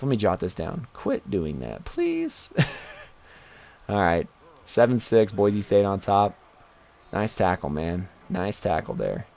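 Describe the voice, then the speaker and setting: Young man, casual gaming play-by-play, very animated pitch, yelps at big plays. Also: gravelly. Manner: excitable, jumps to high yelps at big plays. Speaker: gamer commentating his own match. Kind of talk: casual play-by-play game commentary.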